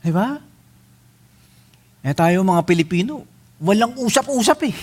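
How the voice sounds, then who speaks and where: Middle-aged Filipino-accented male pastor, lively bilingual sermon, fairly high voice, acts out scenes. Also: unhurried, pauses often.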